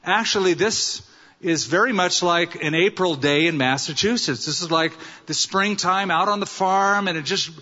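A preacher doing a crusty old man who stays contented whatever happens, with a bright, fairly high voice. The recording is dull and has a long hall reverb. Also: normal speed. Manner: cheerful, contented. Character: cheerful crusty old New England man.

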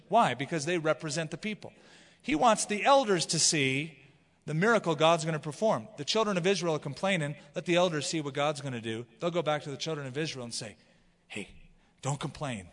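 A man's voice: a little high, fairly bright tone. A man preaching a sermon, teaching through the Bible and reading scripture aloud with expression. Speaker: pastor. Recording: long hall reverb.

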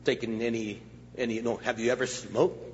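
A male preacher voicing a male doctor who asks plain health-history questions in a lower, quieter voice. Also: flat delivery, normal speed, close to an everyday voice. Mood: questioning. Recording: echoey hall, dull muffled sound, faint hiss.

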